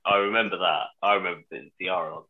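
A man telling lively stories in a casual podcast chat. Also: low voice, fast talker, narrow, tinny audio. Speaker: podcast co-host.

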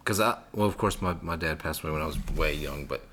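A man's voice: very deep voice, fast, a bit bright, slight background noise. A man hosting a casual conversation, speaking reflectively and easily.

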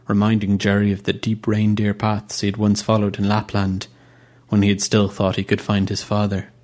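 A man reading a story aloud in a steady, even storytelling manner. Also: on the low side. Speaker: narrator. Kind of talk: scripted audiobook narration.

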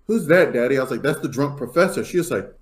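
A man's voice: medium pitch, animated, fast talker. A young adult man co-hosting a podcast, laughing often as he tells a story and acts out his daughter's lines. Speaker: podcast co-host. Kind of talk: casual chat, storytelling.

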